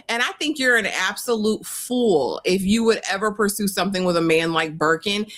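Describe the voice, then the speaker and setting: Woman doing a live tv recap, sassy and dramatic, retells scenes, mid pitch. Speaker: reality TV recap host. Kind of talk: casual live recap chat.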